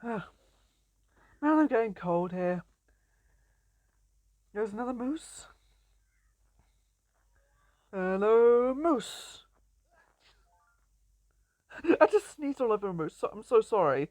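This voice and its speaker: A playful young woman talks her way through a survival game, greeting the animals she meets. Her voice sits a little high and swings up and down freely. It is recorded close and dry, with no room sound. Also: expressive, slow pace, long pauses, a little mellow, dry recording. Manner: chatty and playful, often laughing and greeting animals. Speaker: gameplay commentator. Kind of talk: casual let's-play commentary.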